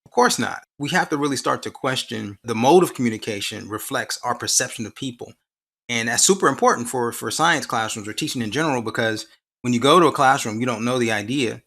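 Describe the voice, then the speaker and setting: A science education researcher, appearing as an interview guest, speaks fairly quickly in a mid-range voice with a fairly bright tone. He goes into his ideas at length with plenty of emphasis and often poses rhetorical questions.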